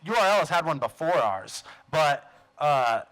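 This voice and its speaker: A man hosting a podcast, talking loud and fast with lots of laughing and swearing. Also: on the high side, sing-song, poor audio. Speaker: podcast host. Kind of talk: casual banter.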